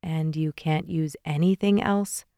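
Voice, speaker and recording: A woman's voice: on the low side, moderate pace, clean tone, no echo, close to an everyday voice. A woman voicing a slightly weary young man who teases dryly, in an audiobook. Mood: mild exasperation. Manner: dry, teasing.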